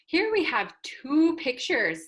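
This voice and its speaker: With a high, fairly bright voice and big swings in pitch, a woman guides learners through English vocabulary. Her approach is slow and deliberate: she models each word carefully and spells it out.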